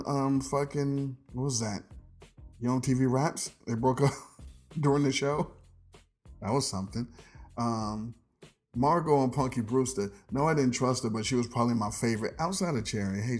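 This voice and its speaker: Rambling man hosting a podcast. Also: medium pitch. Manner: rambling, laughs often, says "um" a lot. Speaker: podcast host. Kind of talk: casual nostalgic monologue.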